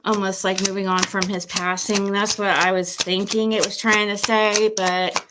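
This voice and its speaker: A woman's voice: mid-range voice, little pitch movement, normal speed, noisy background. A woman doing a casual tarot-reading livestream at home, emotional and nervous, laughing between readings and talking to her pet.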